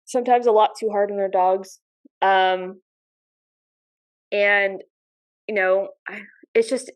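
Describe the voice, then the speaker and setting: A woman guest on a podcast, telling lively stories in casual chat with some mild swearing. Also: mid-range voice, low-quality recording. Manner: animated storyteller, mild swearing. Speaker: podcast guest, dog sport competitor.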